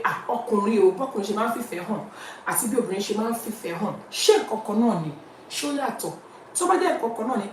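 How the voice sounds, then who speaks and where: A woman with a Nigerian accent hosts a live-streamed talk show, chatting freely and reading viewer comments aloud. She moves between English and Yoruba. Her voice sits at a middle pitch and is heard from some distance in a roomy space, with faint ambience behind it. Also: slight background noise.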